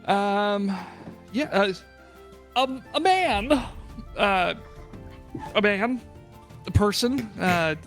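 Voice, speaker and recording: A woman narrating as game master of a tabletop game, giggly and halting, with many fillers. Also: mid-range voice, expressive, soft background music.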